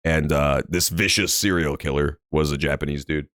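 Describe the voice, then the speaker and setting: A man's voice: a bass voice, steady tone, normal speed, fairly bright tone, no room sound, studio quality. A young man casually commenting while playing a story game, joking crudely and swearing freely, at a desk microphone at home. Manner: crude, profane, jokey.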